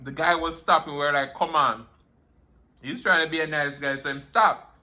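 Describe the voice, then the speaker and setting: A man's voice: fairly high pitch, fairly even intonation, a little fast, pushed and bright. A young man with a Jamaican accent, chatting casually and telling stories while eating, laughing often and slipping into Patois. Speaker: food vlogger. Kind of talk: casual storytelling mukbang chat.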